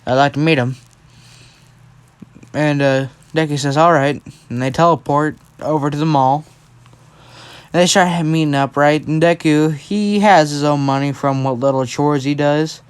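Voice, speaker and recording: A man's voice: fairly high pitch, fairly even intonation, normal speed, clean tone, no room sound. Brief: young male storyteller, self-correcting, chatty; dry close-mic sound. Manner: rambling, self-correcting, keeps adding "right?". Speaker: fan storyteller. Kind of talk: casual storytelling.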